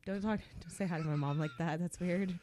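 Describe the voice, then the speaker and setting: A woman's voice: lowish voice, fairly quick, dark tone, no echo. A woman co-hosting a podcast in loose, profane chat, often breaking into giggles and snorts. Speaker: podcast co-host. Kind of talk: casual podcast banter.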